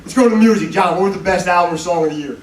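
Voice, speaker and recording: High-voiced male comic in a roomy club. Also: rapid-fire, far from the mic, heavy background noise. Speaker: comedian host. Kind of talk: stand-up comedy panel. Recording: roomy live club from afar. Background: laughing crowd.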